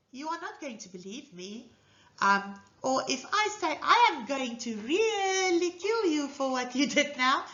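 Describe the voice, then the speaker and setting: A woman's voice: fairly high pitch, sharp tone, roomy sound, dull audio. A woman giving an earnest, emphatic instructional lecture as a teacher trainer, in a coaching manner.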